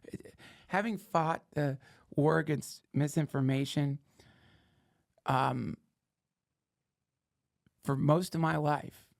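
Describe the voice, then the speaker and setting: A man's voice: on the high side, creaky. A man hosting a podcast, riffing in a sardonic, profane, rambling comedic monologue. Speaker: podcast host.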